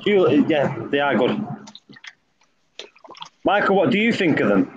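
A man in casual group video chat, excitedly showing off his reef tank. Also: a little high, a little slow. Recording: muffled call audio with faint noise.

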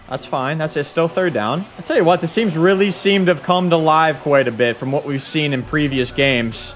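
A young man hosting excited commentary over a football video game, shouting at big plays, his voice cracking now and then. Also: fairly high pitch. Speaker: gaming YouTuber. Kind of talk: excited let's-play commentary.

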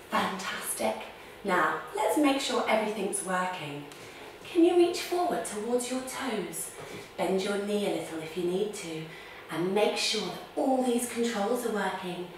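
A woman's voice: fairly high pitch, slight background noise. A woman leading a guided story-time yoga class for children, playful, gasping and making beeping sound effects. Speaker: kids' yoga teacher. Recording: echoey room, distant mic.

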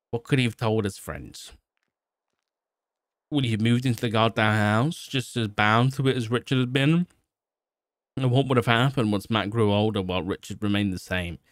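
Man reading fiction aloud on stream; steady, a few stumbles, close dry mic. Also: on the low side, no echo. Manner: steady reading with small slips and restarts.

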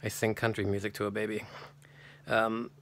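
A man's voice: on the low side, monotone, normal speed, fairly bright tone. A man telling a rambling personal story, with many restarts and self-corrections.

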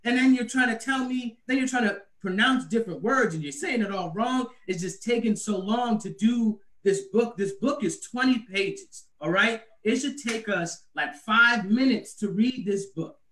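Brief: male stand-up comic, light high voice, chatty and animated, recorded away from the mic. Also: moderate pace, few pauses, far from the mic. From US Northeast. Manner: conversational, animated, laughs at own jokes. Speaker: stand-up comedian. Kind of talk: stand-up comedy set about parenting. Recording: echoey room, away from the mic.

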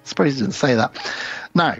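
Gravelly-voiced man recapping a film. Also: medium pitch, normal speed, no room sound, muffled recording, soft background music. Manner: retells scenes with quoted character voices. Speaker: podcast co-host. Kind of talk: casual film recap chat.

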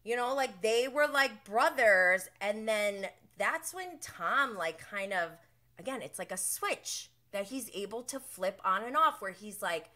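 A young adult woman hosting a casual recap show, telling the story with animated quoted voices. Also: slow pace. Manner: animated storytelling, acts out quotes with big pitch jumps. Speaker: podcast host.

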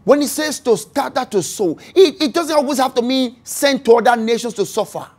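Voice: mid-range voice, fairly quick. Preacher retelling scripture dramatically. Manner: dramatic storytelling, swinging from loud bursts to hushed lines; acts out scripture dialogue with repeated phrases. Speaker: pastor. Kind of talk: sermon.

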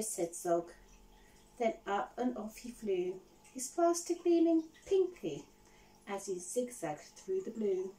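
A woman reads a picture book to a class in a slow, lively, sing-song way, her pitch bouncing high and low. She keeps stopping to ask the children questions. Her voice sounds a little distant from the mic. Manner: animated, asks the listeners questions. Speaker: teacher reading a picture book. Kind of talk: storybook reading to children.

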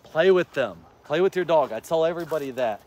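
Playing fetch with his dog in a yard, a vlogger rambles casually with advice and calls out to the dog in an excited, encouraging way. He speaks at a fairly high pitch, a little fast, over a noisy background.

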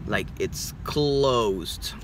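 A young man vlogging casually from a car, excitable, swearing and laughing, dropping in Spanish words. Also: fairly low pitch, very slow. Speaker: toy collecting vlogger. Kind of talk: casual vlog. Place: inside a car. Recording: noisy car interior.

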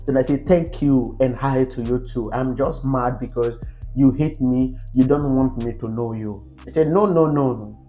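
Man, Nigerian English accent, storytime vlog, exasperated and animated, darkish mellow tone, faint music underneath. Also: normal speed. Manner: animated and exasperated, pitch jumping up on exclamations. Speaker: vlogger. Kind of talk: storytime monologue to camera.

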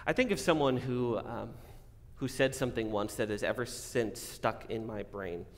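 A man preaching a sermon as pastor, earnest, swinging between emphatic declarations and quiet reflective asides. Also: medium pitch, moderate pace. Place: church sanctuary. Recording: long reverb of a church hall.

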